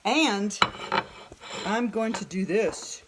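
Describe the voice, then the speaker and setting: A woman's voice: mid-range voice, drawn-out words, noisy background. A woman in her fifties hosting a casual home cooking demonstration, chatty, thinking aloud as she works and joking at her own expense. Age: 50s. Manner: chatty, thinks aloud, jokes and laughs at herself. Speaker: cooking vlog host. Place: home kitchen. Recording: sizzling pan and clattering dishes behind.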